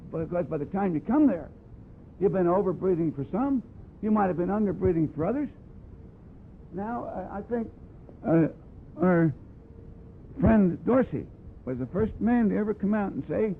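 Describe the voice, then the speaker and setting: A man with a high, gravelly voice talks a room of brass students through breathing in a blunt, wry way, scatting phrases to show what he means. The recording is a tinny, phone-like archival tape with a faint hiss underneath. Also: lively intonation, normal speed, long pauses. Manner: plainspoken and wry, scats phrases to demonstrate. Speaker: brass instructor giving a clinic. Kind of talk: blunt, conversational teaching talk.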